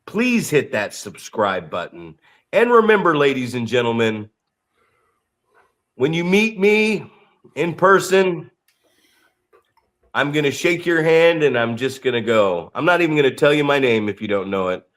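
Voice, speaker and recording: A man's voice: mid-range voice, unhurried, pauses often. A man co-hosting a podcast in a casual, joking, profane way. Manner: animated, profane, jokey. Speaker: podcast co-host.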